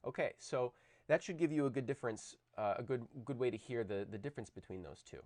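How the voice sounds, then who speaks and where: A man's voice: mid-range voice, animated, quick pace, darkish tone, no room sound. Man explaining linguistics in a dry room. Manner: explanatory, demonstrates sounds aloud. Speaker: linguistics teacher. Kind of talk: recorded video lecture.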